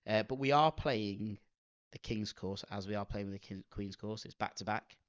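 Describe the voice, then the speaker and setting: A man from Manchester, England, co-hosts a casual golf podcast, telling rambling, self-mocking stories at a moderate pace in a lowish voice. The podcast audio is dull and lo-fi.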